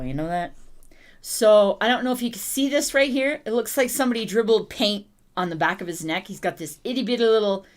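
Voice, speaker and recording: A woman hosting a casual livestream, cooing and baby-talking to her puppy and laughing often. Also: mid-range voice. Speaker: livestream host.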